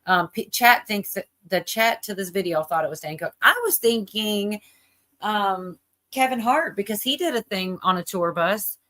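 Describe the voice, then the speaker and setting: A woman's voice: medium pitch, moderate pace, fairly bright tone. A woman hosting a livestream, chatting casually and rambling with lots of fillers while she reacts to a video. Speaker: livestream host.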